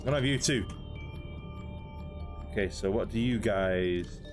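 A man's voice: lowish voice, measured pace, music in the background. A young man giving casual game commentary, chatting, laughing and talking to creatures in the game. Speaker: gaming video host.

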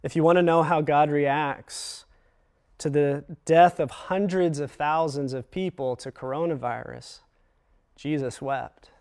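A man giving a chapel sermon in an earnest, measured way, slowing down for emphasis and pausing often. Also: a little high, fairly even intonation, a little mellow. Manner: earnest, measured, with slow dramatic pauses. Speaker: chapel speaker.

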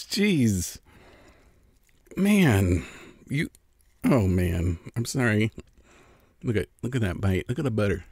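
A man's voice: on the low side, sing-song, slow, pauses often, darkish tone, slightly rough, no echo. A middle-aged man from California chatting casually as a food vlogger, savoring each bite between remarks. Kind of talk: casual mukbang eating vlog.

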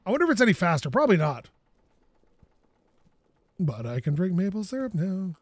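A man gives casual gameplay commentary from his home setup, close on a desk mic. His voice sits high and swings widely as he gets excited. He laughs easily, curses at the game and talks to things on screen as if they could hear him. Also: fairly quick, no room sound. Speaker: gaming YouTuber.

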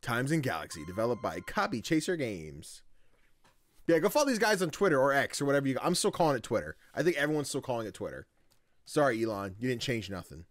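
A man's voice: mid-range voice, very animated, fast, dry recording. A young man giving casual, playful let's-play commentary, reading game text aloud and joking around. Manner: playful, chatty, frequent laughs, slangy. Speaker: gaming YouTuber.

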